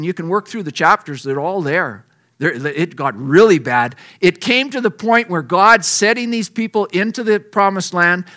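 Middle-aged preacher guy, high bright voice, folksy sermon, acts out the scripture as he reads. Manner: lively preaching, reads scripture aloud with acted lines; folksy and conversational. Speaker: pastor.

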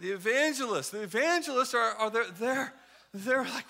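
Man, preacher, sermon, high voice, humorous, animated, hushed to shouting. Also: moderate pace.

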